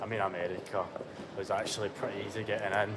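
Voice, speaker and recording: A man's voice: on the low side, flat delivery, rapid-fire. A Scottish man filming a casual travel vlog, swearing freely and calling out to his viewers as boys and troops. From Scotland. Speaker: travel vlogger. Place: outdoors on busy city streets and in bars. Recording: phone audio with loud crowd and music. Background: crowd noise and music.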